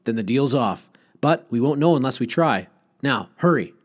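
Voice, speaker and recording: A man's voice: medium pitch, lively intonation, normal speed, breathy edge. A man voicing a confident, pushy schoolboy who talks his friends into a scheme, in a storybook reading. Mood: scheming. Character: eager schoolboy pal, a bold schemer.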